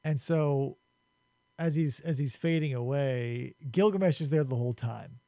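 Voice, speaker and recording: A man's voice: medium pitch, measured pace, dark tone, no echo, clean studio sound. A man hosting a podcast, recapping an ancient epic in a casual, crude, joking way. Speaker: podcast host. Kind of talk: casual, profane story recap.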